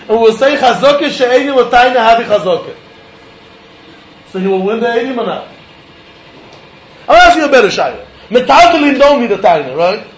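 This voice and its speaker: A man with a strikingly high voice leads a lively Talmud lesson, firing questions at his listeners and then answering them. He sounds like he is in an echoey room, with a faint hum of noise behind him. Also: lo-fi sound. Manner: animated, questioning, mixing Yiddish and Hebrew terms. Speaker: Talmud teacher.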